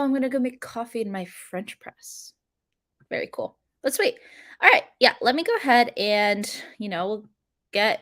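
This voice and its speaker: A woman's voice: medium pitch, no room sound, clean studio sound. Young woman, livestream coding host, chatty and filler-heavy, mid-range voice. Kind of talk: casual livestream chat while coding.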